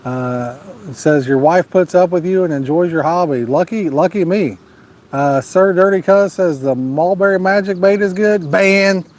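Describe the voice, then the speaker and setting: A man's voice: sits high, moderate pace, a little mellow. A man hosting a live fishing stream outdoors at night, reading out viewer comments in a folksy, joking, laid-back way. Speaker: fishing channel host.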